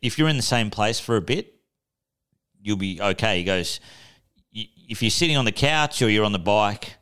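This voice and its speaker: Young Aussie man, low smooth voice, relaxed storyteller on a podcast. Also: normal speed. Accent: Australian. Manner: laid-back storytelling, swears freely. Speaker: podcast co-host. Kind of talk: casual chat.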